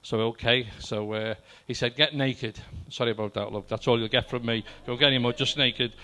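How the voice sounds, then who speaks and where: A man's voice: mid-range voice, little pitch movement, brisk, bright, forceful tone. An older man telling doctor jokes and one-liners to a live audience in a chatty stand-up style, talking straight to the crowd. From Wales. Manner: chatty, addresses the audience directly. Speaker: amateur stand-up comedian. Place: library hall with live audience.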